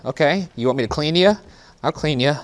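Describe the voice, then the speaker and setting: A man's voice: on the high side, brisk, soft background music. A man hosting a ghost hunt in an old theater at night, alternating between a half-joking mock-angry improv performance toward a ghost and casual commentary. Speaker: ghost hunting show host.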